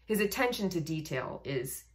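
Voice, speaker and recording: A woman's voice: lowish voice, very animated, moderate pace. A woman vocal coach giving admiring music reaction commentary, explaining singing technique in detail.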